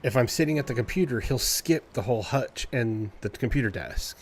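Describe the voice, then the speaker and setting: A man streamer chatting casually, telling an animated story in a loose, profane way and imitating cat noises. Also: mid-range voice, a little fast, a little hiss or hum. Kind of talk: casual chat.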